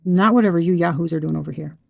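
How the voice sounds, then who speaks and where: A woman's voice: lowish voice, fast talker, vocal fry, a little mellow, no echo. A woman giving a tarot reading to her viewers, emphatic and heated, swearing freely. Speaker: tarot reader.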